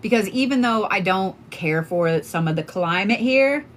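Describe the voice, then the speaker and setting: On her livestream, an Oklahoma woman who reads tarot cards tells stories in a frank, cussing, casual way, with plenty of fillers. Her mid-range voice is animated and moves at a normal speed.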